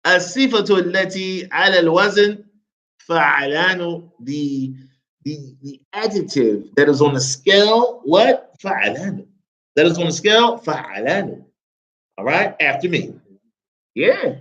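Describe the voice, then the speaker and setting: A man's voice: a little high, very animated, a little slow, long pauses, a bit bright. A male Arabic teacher leading a classroom grammar lesson, drilling students with call-and-response and tossing in jokes. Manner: joking asides. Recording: lo-fi classroom recording.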